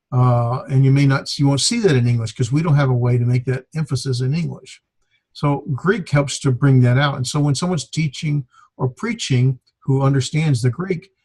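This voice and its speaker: Husky man teaching a grammar class. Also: mid-range voice, darkish tone. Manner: halting, filler-heavy explaining. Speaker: Greek teacher. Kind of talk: classroom lecture.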